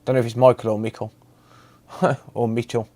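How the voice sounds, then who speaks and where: A man's voice: medium pitch, little pitch movement, brisk, warm tone. A man hosting a casual live stream, greeting viewers by name and chatting loosely.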